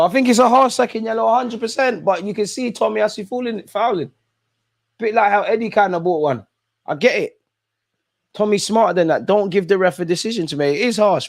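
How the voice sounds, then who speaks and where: In a high-pitched, creaky voice, a young man hosts a live football watch-along, reacting with frustration and calling out to the players and the referee as if they could hear.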